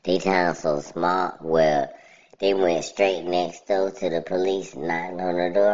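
A woman's voice: slow pace, darkish tone, highs cut off. A woman giving a rambling, slangy commentary on a video she is watching, laughing often. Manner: rambling, slangy, laughs often, voice jumps high when ranting. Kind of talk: casual reaction commentary.

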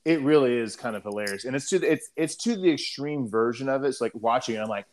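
A man's voice: mid-range voice, fast talker. A man who is a military reservist, chatting casually and rambling with lots of fillers and some swearing. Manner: rambling, many fillers, profane. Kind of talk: casual podcast chat.

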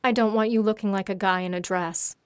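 Brisk, bossy young woman, read by a woman. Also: medium pitch, fairly even intonation, smooth, no echo, studio quality, natural voice.

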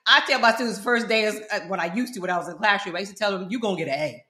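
A woman guest telling her story in an animated, emphatic way, with Jamaican parents and a South Florida upbringing. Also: medium pitch, racing, roomy sound. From Jamaican parents, grew up in South Florida. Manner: animated, emphatic, quotes others in lively voices. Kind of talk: candid conversational storytelling.

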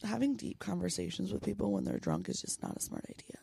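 A woman's voice: fairly low pitch, wildly swooping pitch, fast, gravelly, warm tone, slightly rough, no room sound, in a whisper. A woman co-hosting a podcast in casual chat, blunt and rambling, swearing freely. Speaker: podcast co-host.

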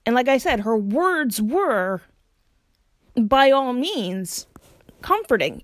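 A woman's voice: on the high side, big pitch swings, takes it slowly, long pauses, no echo, studio quality. A woman talking casually and reflectively to her viewers, hesitant and searching for words with lots of fillers. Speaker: solo vlogger giving spiritual practice tips. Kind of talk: casual reflective talk to camera.

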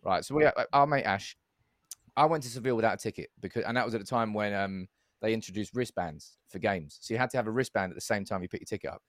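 Fast-talking bloke telling stories. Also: male voice, on the low side, no room sound, studio quality. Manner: animated storyteller, swears freely. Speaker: podcast co-host. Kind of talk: casual banter, anecdote telling.

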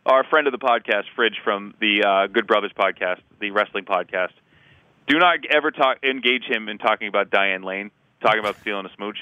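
A man's voice: fairly low pitch, brisk, no echo, dull audio. A man co-hosting a podcast, chatting casually about movies, emphatic and jokey, with a rambling way of talking. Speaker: podcast co-host.

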